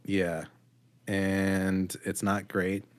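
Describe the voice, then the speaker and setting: Low-voiced blunt podcast guy. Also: completely flat delivery, drawn-out words, dry recording. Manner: blunt and critical, with frequent ums. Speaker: podcast co-host. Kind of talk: casual album review chat.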